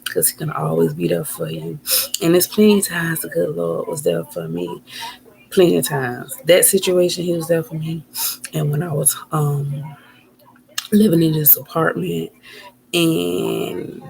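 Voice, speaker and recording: Very gravelly-voiced rambling storyteller. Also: mid-range voice, slight background noise, rough recording. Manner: rambling, filler-heavy, repeats phrases. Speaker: vlogger. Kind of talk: casual storytime.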